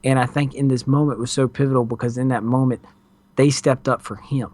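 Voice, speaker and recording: A man's voice: medium pitch, steady tone, fairly quick, darkish tone. Laid-back rambling man recapping a show. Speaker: podcast co-host. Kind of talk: casual recap chat.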